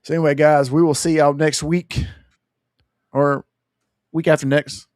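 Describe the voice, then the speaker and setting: A man's voice: a little high, little pitch movement, unhurried, a little mellow, smooth, no echo, clean studio sound. A man co-hosting a casual gaming podcast, laid-back and teasing, laughing often. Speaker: podcast co-host.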